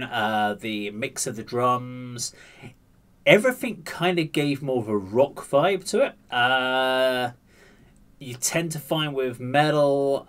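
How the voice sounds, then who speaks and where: Guy rambling through a song review, lots of ums and uhs, mid pitch, chatty. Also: a bit bright. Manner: hesitant, thinking aloud with many fillers and restarts; self-deprecating, chatty. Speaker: music reaction channel host. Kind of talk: casual music reaction commentary.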